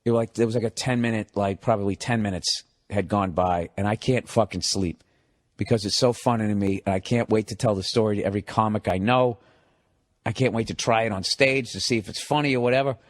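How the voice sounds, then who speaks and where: A man, a comedian, telling a story in a loud, profane, animated way and laughing as he goes. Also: on the low side, brisk, no echo, clean studio sound. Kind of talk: casual comic storytelling.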